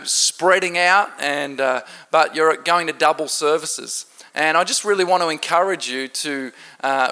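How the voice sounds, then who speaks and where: A man preaching at a church service as a visiting pastor, joking and lively, with a congregation around him. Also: on the high side. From Australia. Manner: jokey, lively preaching with laughter. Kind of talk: sermon.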